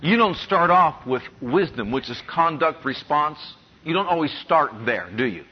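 Pastor, male, higher-pitched, steady sermon delivery, muffled lo-fi recording. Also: husky. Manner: preacher reading scripture slowly, then telling stories with quoted voices.

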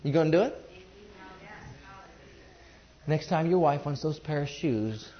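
A man's voice: on the high side, lively intonation, fairly quick, dull audio. A man preaching a sermon and calling on the congregation to join in. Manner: emphatic, calls on the congregation to respond.

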